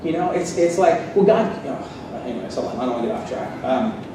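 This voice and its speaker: A man's voice: mid-range voice, expressive, normal speed, noisy background. A man giving a sarcastic, fired-up debate speech to a live audience at a seminary. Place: seminary hall. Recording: echoey hall, distant mic.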